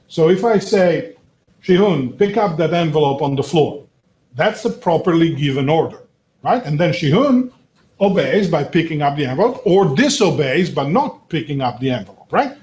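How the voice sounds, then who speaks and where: A middle-aged man giving a university lecture, often checking in with "okay?" and "right?" and pausing on filler sounds. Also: fairly high pitch, big pitch swings, darkish tone. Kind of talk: classroom lecture.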